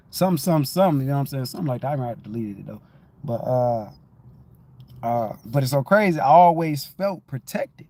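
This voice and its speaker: A man's voice: mid-range voice, animated, moderate pace, warm tone, slight background noise. Rambling laid-back man. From Detroit, USA. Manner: rambling, keeps repeating "you know what I'm saying"; laid-back, loose and conversational. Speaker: livestream host. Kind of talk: casual spiritual livestream monologue.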